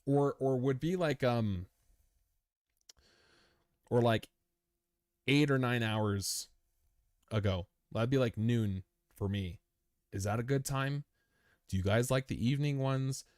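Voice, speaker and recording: A man with a medium-pitched, darkish voice speaks slowly, leaving long pauses, in a clean studio recording with no room sound. He's hosting a crypto live stream, worn out after a long session, chatting casually and answering viewer comments. His manner is laid-back, rambling and chummy, and he calls viewers dude.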